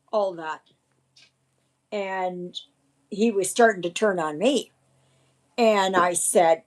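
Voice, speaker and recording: A woman's voice: medium pitch, slow, long pauses. A woman hosting a casual livestream, rambling in a shaken, indignant way. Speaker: livestream host.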